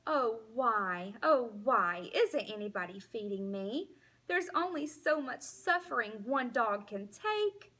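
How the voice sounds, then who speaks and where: A woman's voice: a little high, lively intonation, slow pace, pushed and bright, exaggerated voice. A woman voicing an eager, dramatic young male dog who pleads and whines theatrically. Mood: pleading.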